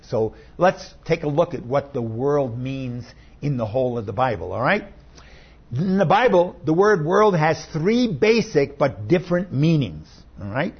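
A man's voice: medium pitch, slightly rough, lo-fi sound. A man preaching a sermon as pastor, explaining scripture verse by verse in an emphatic teaching manner.

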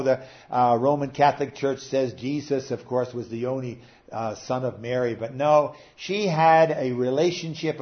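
A man preaching an expository sermon, emphatic and building to loud peaks, with rhetorical questions and hesitant fillers between phrases. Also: medium pitch. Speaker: pastor. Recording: dull lo-fi recording.

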